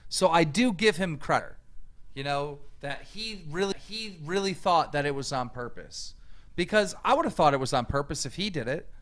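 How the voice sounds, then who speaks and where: A man's voice: a little high, expressive, normal speed. A man ranting angrily in a reaction video, mocking and profane as he answers back to a clip. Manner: mocking, profane, shouting rebuttals. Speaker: online commentator. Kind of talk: angry reaction rant.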